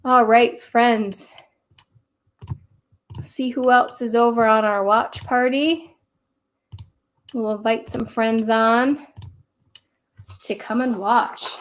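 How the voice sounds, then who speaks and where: A woman's voice: fairly high pitch, steady tone, slow, pauses often, roomy sound, distant mic, a little hiss or hum. A woman teaching yoga to children. She reads a rhyming story aloud and leads the poses in an upbeat, encouraging, sing-song way.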